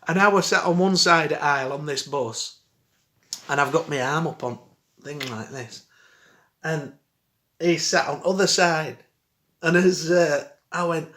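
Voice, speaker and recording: A man's voice: fairly high pitch, normal speed, fairly bright tone. A middle-aged man telling a rambling, chuckling story in dialect for his vlog. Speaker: vlogger. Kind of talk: casual storytelling. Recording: roomy echo.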